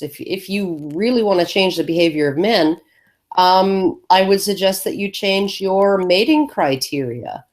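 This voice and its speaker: A woman co-hosting a podcast in casual chat, dry and sarcastic, often restarting her words. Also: deep voice. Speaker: podcast co-host.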